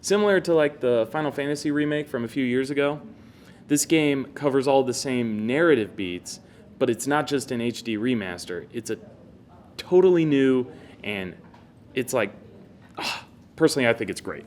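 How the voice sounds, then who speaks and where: A man's voice: medium pitch, lively intonation, moderate pace, a little mellow, slight background noise. Eager man talking games. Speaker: co-host. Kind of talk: casual game talk.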